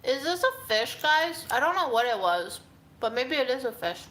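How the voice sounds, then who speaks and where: A woman's voice: high-pitched, sing-song, moderate pace, a bit bright, slight background noise, voice pushed up. A woman putting on a sing-song voice for her curious male house cat, talking as the cat would. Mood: playful.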